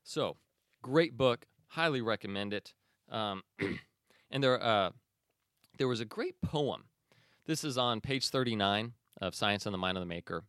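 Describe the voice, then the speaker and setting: Speaking a little slowly, this podcast host has a smooth, slightly bright voice on the low side and an expressive delivery. His talk is conversational and emphatic, full of self-corrections, as he alternates between casual remarks and reading aloud in a clean studio recording with no room sound.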